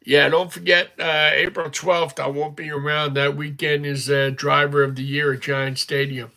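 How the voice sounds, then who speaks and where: A man's voice: a little high, flat delivery, moderate pace, creaky, sharp tone. A middle-aged man hosting a casual livestream, rambling through stories. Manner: rambling, chatty storytelling. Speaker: livestream host.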